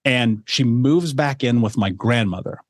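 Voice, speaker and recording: A man's voice: medium pitch, measured pace, no room sound. Candid man, dry close voice. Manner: candid, storytelling, with asides like "right?". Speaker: podcast guest. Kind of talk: telling a personal life story.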